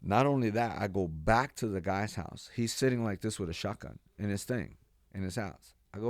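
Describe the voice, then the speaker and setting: A man from Texas, a pastor and podcast guest, telling his life story in a lively, animated way, acting out what people said and laughing now and then. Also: fairly low pitch, moderate pace, no room sound, studio quality. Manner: animated storyteller, acts out quotes, laughs often. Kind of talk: storytelling interview.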